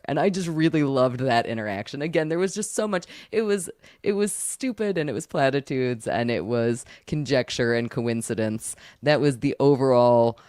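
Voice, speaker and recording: A woman chatting casually on a podcast, telling an animated story and swearing freely. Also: deep voice, dry recording, studio quality. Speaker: podcast guest. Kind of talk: casual chat.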